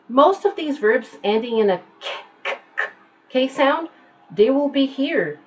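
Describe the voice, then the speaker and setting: Unhurried woman teacher drilling pronunciation from home, patient and repetitive, slightly muffled home recording. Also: medium pitch, big pitch swings, slight background noise. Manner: slow, patient, repeats words to demonstrate sounds. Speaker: English teacher. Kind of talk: online pronunciation lesson.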